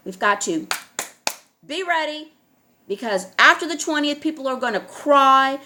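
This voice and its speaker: A woman's voice: sits high, animated, moderate pace, sharp tone. A middle-aged woman talking straight to her viewers in a casual monologue, insistent and pressing her points with repeated checks like "all right?". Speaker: online video host.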